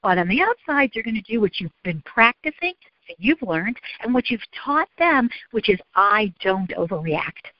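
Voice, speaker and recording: In this interview conversation, a female therapist and speaker is the guest, animatedly narrating stories while performing both parent and child voices. She speaks at a normal pace in a slightly high voice, captured as dull audio without echo.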